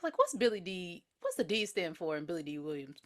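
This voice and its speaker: Bright-toned woman podcast co-host. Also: on the low side, sing-song, fairly quick. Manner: chatty, questioning asides while recapping. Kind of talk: casual movie recap chat.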